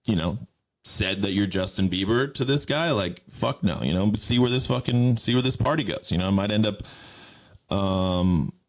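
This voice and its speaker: A man's voice: lowish voice, normal speed. A man hosting a podcast, riffing on news stories in a rambling, profane, mocking way. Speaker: podcast host. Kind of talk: casual news commentary.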